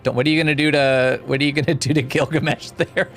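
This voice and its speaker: A man's voice: on the high side, fairly even intonation, fast talker, a bit bright, faint music behind. A man casually commenting while playing a story game, laughing often and swearing freely. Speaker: game streamer. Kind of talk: casual let's-play commentary.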